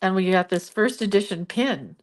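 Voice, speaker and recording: A woman's voice: medium pitch, normal speed. Emotional middle-aged woman telling a story. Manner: emotional, animated retelling with sighs and laughs. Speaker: vlogger. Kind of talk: casual storytelling to camera.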